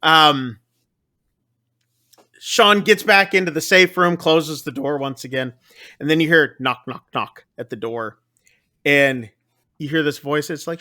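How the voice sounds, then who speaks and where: A man's voice: a little high, takes it slowly, pauses often. A man hosting a podcast, casually recapping a horror movie scene by scene and acting out the characters' lines. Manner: animated, acts out character lines. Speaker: podcast host.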